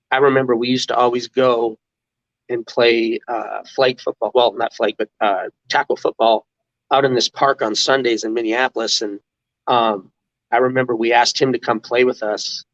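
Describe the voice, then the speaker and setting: A middle-aged American man tells stories in a loose, rambling way, tripping over restarts and breaking into laughs. His voice sits at an ordinary pitch. The audio is dry and a little dull. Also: a bit bright, no echo. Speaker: interview guest, former mascot. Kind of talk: casual storytelling.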